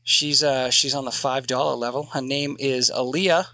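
Bright-voiced joking male podcast host. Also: mid-range voice, little pitch movement, normal speed, no echo. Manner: profane, joking, rambling. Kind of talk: casual podcast banter.

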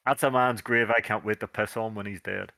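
A man co-hosting a podcast, retelling wrestling shows in sweary, animated casual chat. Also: lowish voice, fairly quick, gravelly, no echo. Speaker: podcast co-host.

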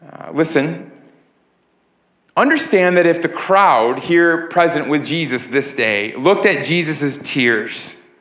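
Earnest preacher in an echoey church. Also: male voice, fairly high pitch, fairly bright tone. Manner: earnest, repeats words while building emphasis. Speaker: pastor. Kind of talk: sermon. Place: church sanctuary.

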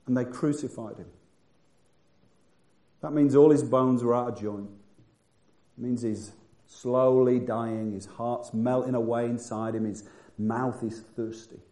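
Man, preacher, sermon, dark mellow tone, roomy echo, emphatic then hushed. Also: fairly low pitch. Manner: swings from loud emphatic bursts to hushed, quiet delivery.

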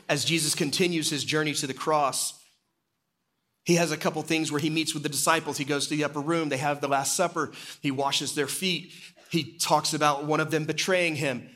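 A man, an executive pastor, preaching a sermon and retelling a story, dropping low and quiet at solemn moments. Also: fairly even intonation, moderate pace.

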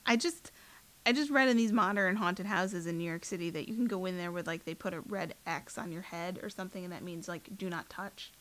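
A woman's voice: on the low side, fairly quick. Wry, sarcastic woman. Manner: wry, sarcastic, animated storytelling. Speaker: podcast co-host. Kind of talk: casual chat.

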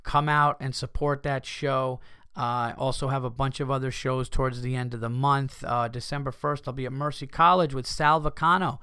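A man's voice: mid-range voice, steady tone, normal speed, bright, forceful tone, smooth, no room sound, studio quality. A man hosting a comedy podcast, telling stories in a casual, profane way and acting out his own outbursts. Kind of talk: casual storytelling monologue.

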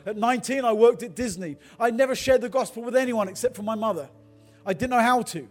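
A middle-aged man preaches with a fairly high voice, moving from easy personal stories into fervent exhortation. A faint music bed plays softly beneath his sermon. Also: quick pace. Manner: storytelling, then builds to fervent exhortation. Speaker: pastor.

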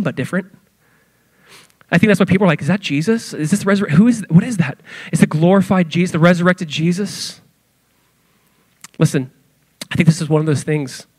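High-voiced man preaching. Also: no room sound. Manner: animated preaching, acts out quoted voices. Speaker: pastor. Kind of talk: sermon.

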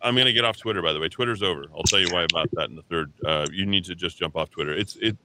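Talk radio host: tired man, low voice, blunt combative rant, keyboard clatter in the studio. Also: very fast, noisy background. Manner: blunt, combative, repetitive ranting. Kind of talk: ranting political talk radio monologue. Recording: steady keyboard typing and clicks behind.

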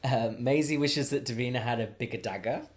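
A man with a West Yorkshire accent co-hosting a podcast, chatting casually and gossiping through a show recap. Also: mid-range voice. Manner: chatty, gossipy, quick asides. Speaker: podcast co-host.

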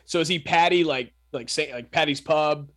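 A man's voice: fairly high pitch, moderate pace, a bit bright. A man co-hosting a casual sports podcast, teasing his partner in playful banter. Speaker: podcast co-host.

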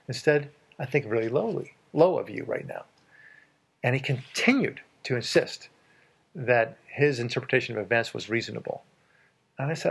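A man's voice: medium pitch, animated, brisk, gravelly, pauses often, breathy edge. A man hosting a casual advice chat, emphatic and repeating words for stress as he tells anecdotes from his work.

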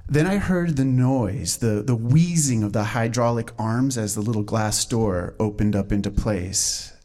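A man telling a stand-up story in a fairly low voice. He builds it up steadily, pausing with small hesitations along the way. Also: dark tone. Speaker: stand-up comedian.

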